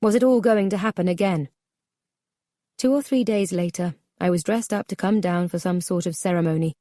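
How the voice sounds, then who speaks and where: A woman narrating a memoir audiobook in a measured, subdued, somber way. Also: fairly low pitch, dark tone, dry recording, clean studio sound.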